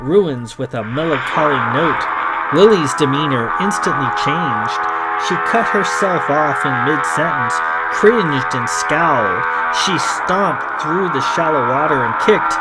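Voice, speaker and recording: A man reading his science fiction novel aloud in a dramatic, expressive narration. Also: fairly high pitch, a little slow, over loud music. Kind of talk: scripted audiobook narration.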